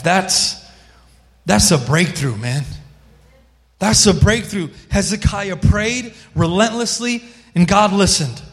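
A male pastor preaching a sermon with passion, calling on people in the congregation by name. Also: fairly high pitch. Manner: impassioned, calls on listeners by name. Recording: long hall reverb.

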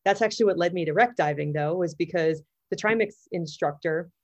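A woman's voice: on the low side, a little fast, darkish tone, highs cut off. A woman in her thirties, a diver talking enthusiastically in a casual interview, with fillers and restarts. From Florida, USA. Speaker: guest, underwater cameraman and technical diver.

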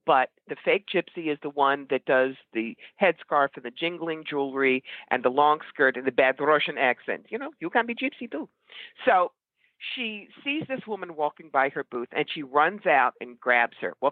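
A woman being interviewed as a psychic medium and author, talking in a blunt, opinionated way and telling stories briskly. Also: deep voice, no echo. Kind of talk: casual interview conversation. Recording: tinny phone-like line, dry.

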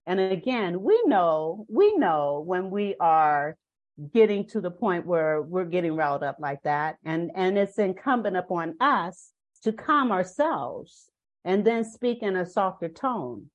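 A woman's voice: lowish voice, very animated, a little slow, lo-fi sound. An older woman, a parenting guest on a podcast interview, who speaks in an earnest, emphatic storytelling manner.

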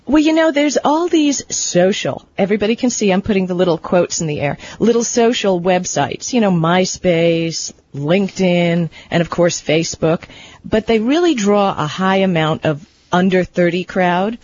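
A woman's voice: on the low side, animated, normal speed, darkish tone. Chatty woman co-hosting a tech radio show. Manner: chatty, laughs easily. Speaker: co-host. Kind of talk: casual radio chat. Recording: slightly dull radio audio with faint noise.

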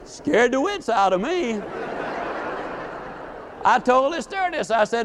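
A man giving a live motivational speech, folksy and animated, acting out quotes as he tells stories. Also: very high-pitched, fairly quick, a little hiss or hum. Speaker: motivational speaker.

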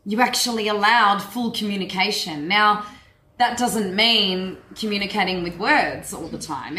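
A woman's voice: medium pitch, a little slow. Woman giving a blunt empowerment talk, lots of swearing, sounds like a roomy echoey space. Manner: frank and earthy, swears freely, animated. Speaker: women's empowerment coach. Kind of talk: workshop talk to a group. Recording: echoey room.

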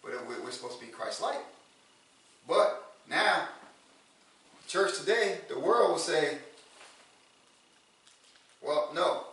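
Pastor dude giving a sermon, stumbles and repeats words, gets loud at points, mic's far away. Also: male voice, fairly high pitch, big pitch swings, slow, long pauses. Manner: conversational preaching, repeats words, chuckles, rises to loud emphasis. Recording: echoey room from far off.

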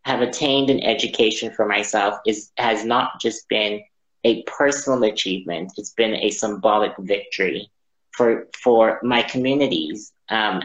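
Halting man, roomy lo-fi sound. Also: fairly low pitch. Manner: halting, repeats words, reflective. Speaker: guest. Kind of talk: personal storytelling in conversation. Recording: roomy, dull lo-fi audio.

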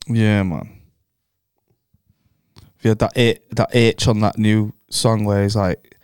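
A man's voice: on the low side, flat delivery, slow pace, pauses often, darkish tone, clear, resonant tone, no room sound, clean studio sound. A man co-hosting a podcast, chatting casually and throwing in wisecracks. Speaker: podcast co-host. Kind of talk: casual banter.

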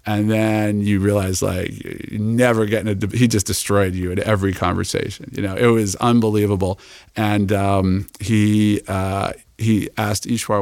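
A man telling a story as an interview guest, animated and acting out the people he quotes. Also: fairly low pitch, normal speed, creaky, dry recording, clean studio sound.

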